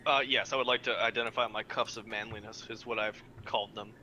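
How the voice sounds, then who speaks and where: A man's voice: fairly low pitch, fairly even intonation, quick pace, bright, forceful tone, muffled recording, slight background noise. A laid-back, giggly man playing a tabletop game. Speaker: player.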